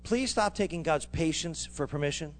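A man's voice: on the high side, expressive, moderate pace, faint music behind. A man preaching a fervent sermon, calling out to his congregation for responses. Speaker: pastor.

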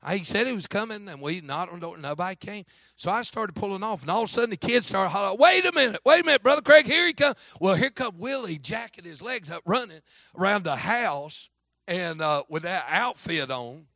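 A man pastor in the middle of a storytelling sermon, pitched a bit high with a bright, forceful voice. He acts out each character and keeps checking in with "amen?". The sound is close and dry. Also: lively intonation, fairly quick, dry recording. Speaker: Baptist pastor.

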